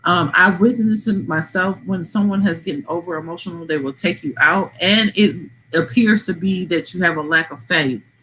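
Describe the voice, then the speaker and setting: A woman's voice: lowish voice, moderate pace, fairly bright tone, slight background noise, poor audio. A woman hosting a live online panel, speaking to the audience and reading out viewer comments. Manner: addresses the audience, reads out comments. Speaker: host.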